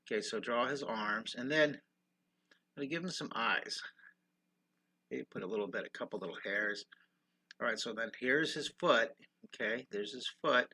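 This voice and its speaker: Older guy teaching drawing live from his studio, super bright cheery voice, chatty and encouraging. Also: mid-range voice, normal speed, long pauses, slightly rough. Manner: upbeat, encouraging, greets chat viewers while drawing. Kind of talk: live-stream drawing lesson.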